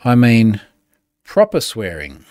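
A man's voice: lowish voice, wildly swooping pitch, slow, a little mellow, no echo, studio quality. Amused man chatting loosely. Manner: chatty and amused, laughs often. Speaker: podcast host. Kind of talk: casual solo show talk.

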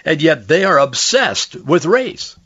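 A hoarse man, hosting a talk radio show and giving earnest commentary on politics and faith. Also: fairly high pitch, very animated, takes it slowly, sharp tone, no echo, muffled recording. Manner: conversational, earnest, with frequent restarts. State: hoarse, losing his voice. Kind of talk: political and religious commentary monologue.

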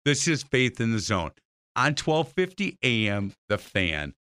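A man hosting a radio sports and faith show in casual interview style, talking with warm laughs and many stumbling restarts. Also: mid-range voice, big pitch swings, a little slow, clean tone, no echo.

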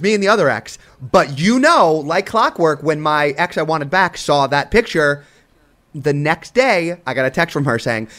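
Man co-host, higher voice, very lively pitch, joking. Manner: expressive, joking. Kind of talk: casual chat.

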